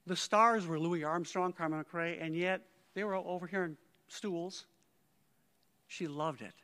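His voice high-pitched, sharp, and clean, the conductor eulogizes at a memorial with a measured pace. He shares stories and frequently quotes others, while the big hall adds long reverb.

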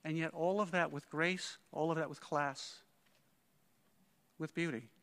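A man's voice: a little high, fairly even intonation, measured pace, a bit bright. A male conductor giving a heartfelt eulogy, telling stories and often quoting others. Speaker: conductor at a memorial. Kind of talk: eulogy speech. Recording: long reverb of a large hall.

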